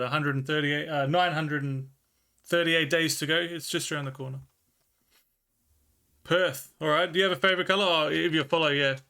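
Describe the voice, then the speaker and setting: A laid-back Australian man chatting with his live viewers in a bright, forceful voice. His pitch sits a little high for a man, and he slows right down when he reads old scripture aloud. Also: gravelly, smooth. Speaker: livestreamer.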